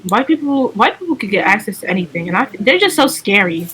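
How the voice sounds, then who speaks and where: A woman's voice: medium pitch, very animated, quick pace, fairly bright tone, slight background noise, poor audio. A young woman in casual chat among friends, giving blunt opinions. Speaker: co-host.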